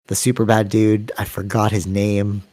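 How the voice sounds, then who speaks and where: A man with a lowish voice talks through ideas in a relaxed podcast chat. He rambles and circles back, acting out little quotes as he goes. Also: normal speed. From Canada. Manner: rambling, animated storytelling with acted-out quotes. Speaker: podcast co-host. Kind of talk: casual chat.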